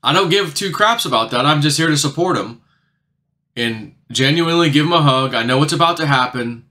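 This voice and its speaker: A man with a bright, ringing voice talks through a long personal story to his audience. His delivery is loose and rambling, padded with filler words. He often sinks lower and softer to stress a point. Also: animated, brisk. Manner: rambling, heavy on "you know" fillers, drops quieter for emphasis. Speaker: channel host recounting a dream. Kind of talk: casual monologue.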